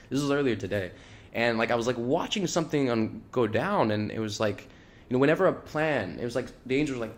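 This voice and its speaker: A man of middle pitch talks on in a loose, rambling monologue. He fills his speech with "like" and "you know" and circles back on his own words. A faint hum of ambience sits under him. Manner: loose, earnest, repeats himself. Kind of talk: casual spiritual talk monologue.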